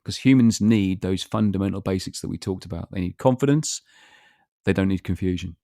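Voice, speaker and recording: A man with a low, gravelly voice talks on his own podcast in a loose, reflective monologue. The sound is close and dry, with no room around it. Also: a little fast, warm tone, dry recording. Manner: reflective, rambling, gives sales advice with example phrases. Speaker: podcast host.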